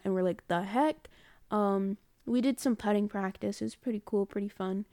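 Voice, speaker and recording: A woman chats through a story for her own audio diary, wandering off and correcting herself as she goes. Her voice is soft and mellow, and it sits close and dry with no room sound. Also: medium pitch, dry recording. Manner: rambling, chatty, corrects herself mid-sentence. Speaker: student recording a personal audio diary. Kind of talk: casual storytelling monologue.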